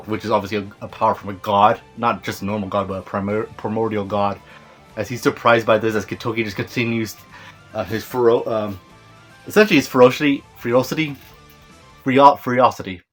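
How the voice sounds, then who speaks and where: A manga reviewer with a lowish, fairly bright voice gives a casual, rambling breakdown of a chapter. He stumbles over names, corrects himself, and apologizes with a chuckle.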